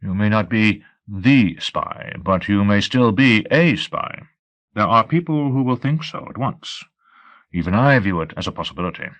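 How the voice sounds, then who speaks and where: Fields: man voicing a sad, formal police officer. Tone: measured. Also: on the low side, lively intonation, a bit bright, dull audio. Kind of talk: audiobook reading.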